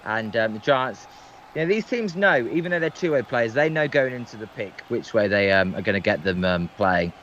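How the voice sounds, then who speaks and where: A man's voice: on the low side, lively intonation, normal speed, fairly bright tone, highs cut off, a little hiss or hum. A man calling baseball play-by-play on a livestream, hesitant and full of filler ums. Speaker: guest play-by-play commentator.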